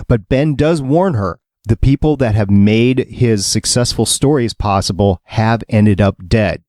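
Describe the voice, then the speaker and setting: A man's voice: lowish voice, a little mellow, no room sound, clean studio sound. A man hosting a podcast, upbeat and rambling, laughing easily as he chats. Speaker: podcast host. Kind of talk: casual podcast chat.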